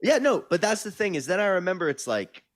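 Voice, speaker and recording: Young male podcast co-host, higher-pitched, rambling storyteller, dry close sound. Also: very animated, fast, dry recording. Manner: rambling storyteller, swears freely. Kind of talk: casual comedy podcast chat.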